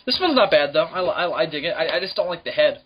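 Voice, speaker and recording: Male co-host, a bit high, husky, swears freely, lo-fi mic. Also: big pitch swings. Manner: blunt, swearing, quick to mock. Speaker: podcast co-host. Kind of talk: casual podcast chat.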